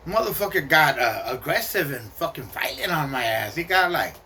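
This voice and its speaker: Man, casual streetwise storyteller, profane, sharp bright tone. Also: fairly high pitch, big pitch swings, normal speed, a little hiss or hum. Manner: streetwise, profane, slang-heavy, mixes in Spanish.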